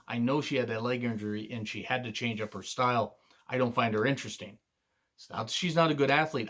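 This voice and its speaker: Blunt, swearing man ranting about wrestling. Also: medium pitch. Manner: digressive, many fillers. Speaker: wrestling show reviewer. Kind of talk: casual opinionated review monologue.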